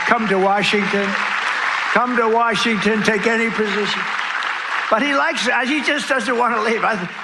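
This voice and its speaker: Boastful man giving a rally speech. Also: on the high side. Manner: boastful, repetitive, rambling asides. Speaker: political rally speaker. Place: large rally venue. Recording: crowd noise from a live rally. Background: cheering crowd and ambient noise.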